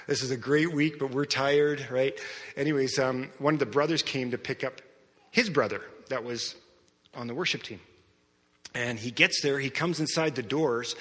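A man preaching a sermon in a church, telling stories in a conversational, animated way. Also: medium pitch, long reverb tail. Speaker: pastor. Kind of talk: sermon with storytelling.

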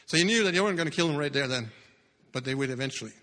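A man preaching a sermon, telling a story with dramatic swings between loud bursts and hushed low lines. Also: lively intonation, rapid-fire. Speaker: pastor. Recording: long hall reverb.

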